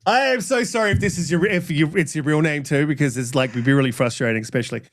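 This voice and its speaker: A man hosting a gaming podcast in casual chat, rambling with many fillers and restarts, quick to apologize. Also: on the high side. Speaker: podcast host.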